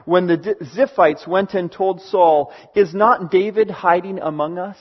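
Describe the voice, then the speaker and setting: A man's voice: high-pitched, moderate pace, few pauses, slightly rough, muffled recording. A man preaching a sermon in a conversational, storytelling way, with frequent hesitant fillers. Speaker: pastor.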